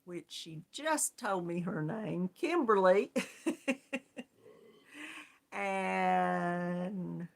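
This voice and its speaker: Pausing often and drawing out her words, a woman with a fairly low, creaky voice hosts a casual yarn crafts live stream. Friendly and chatty, she welcomes each viewer individually and laughs a lot.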